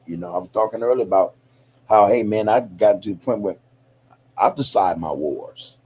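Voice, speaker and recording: With a fairly low, slightly mellow voice at normal speed, a man gives a casual podcast monologue over slight background noise. It's reflective, loose and profane, with plenty of "you know, man."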